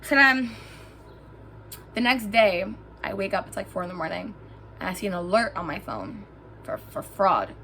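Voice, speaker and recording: A woman's voice: medium pitch, normal speed, long pauses, a little hiss or hum. Young woman animatedly telling a story. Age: young adult. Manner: animated, swearing, acts out quotes. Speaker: vlogger. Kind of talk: storytime vlog. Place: indoors, lying down at home.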